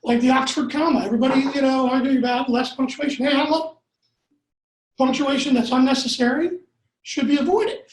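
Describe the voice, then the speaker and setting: A man with a high, light voice lectures a live audience on copywriting. He keeps cracking jokes, drifts into asides and tosses out rhetorical questions. The sound is roomy and echoey, as in a seminar room. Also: fairly even intonation, fairly quick. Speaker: copywriting workshop instructor.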